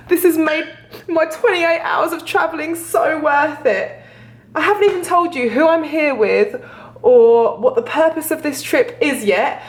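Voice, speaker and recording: A young woman vlogging to a handheld camera, gushing and excitable, often gasping and laughing. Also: high-pitched. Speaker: beauty vlogger. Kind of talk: casual vlog to camera. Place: hotel room and city streets.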